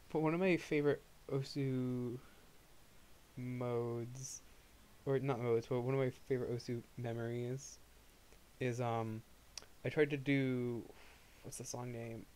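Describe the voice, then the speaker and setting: A man's voice: medium pitch, little pitch movement, slow pace, long pauses, darkish tone. Rambling young man chatting on a livestream. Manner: rambling, chatty, with frequent restarts and laughs. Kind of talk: casual livestream chat.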